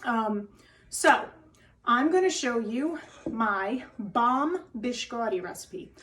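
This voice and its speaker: In her home kitchen, a wellness cooking host from New Jersey chats casually to camera while demonstrating a recipe, constantly tagging lines with "okay?" in her New Jersey accent. Her voice is slightly high, fairly bright, lively in intonation and unhurried, recorded on a distant mic with slight background noise and rough quality.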